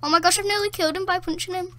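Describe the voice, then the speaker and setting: A woman giving casual gameplay commentary from a dark room at home, excitable, often gasping, laughing and exclaiming. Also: extremely high pitch, very fast.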